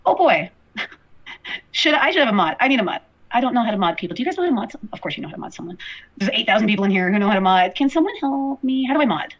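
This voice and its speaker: A woman with a fairly high voice chats fast on her livestream. She rambles, apologizes again and again and fills her talk with likes and ums. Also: big pitch swings, dull audio. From Canada. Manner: rambling, apologetic, filler-heavy. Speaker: livestream host. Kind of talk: casual livestream chat.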